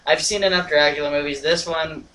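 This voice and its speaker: A man's voice: a little high, fairly even intonation, fairly quick, pushed and bright. A young man co-hosting a movie review in casual chat, laid-back, with short agreeing replies. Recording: distant mic, faint noise.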